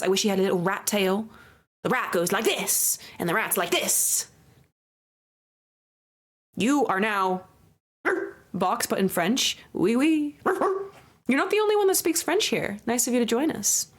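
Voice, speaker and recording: While playing a game, a woman talks casually to her stream audience. Her manner is bubbly and playful, mixing baby talk and casual swearing with excited high squeals.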